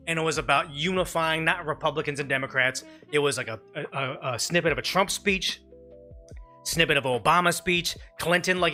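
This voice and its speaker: A man hosting his live stream, talking in an emphatic, rambling way with frequent restarts. His voice sits a little high and sounds forceful and bright. Faint music plays behind him. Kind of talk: opinionated live stream commentary reacting to clips.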